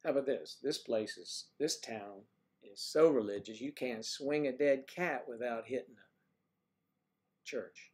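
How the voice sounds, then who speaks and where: A man's voice: mid-range voice, unhurried, darkish tone. Folksy older man chatting on a livestream. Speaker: livestream host. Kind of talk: casual livestream chat.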